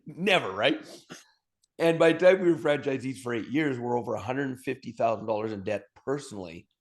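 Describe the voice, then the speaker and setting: A man from Alberta, a podcast guest telling his story with high energy and humor and acting out bits of dialogue. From Alberta, Canada. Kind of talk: storytelling interview talk.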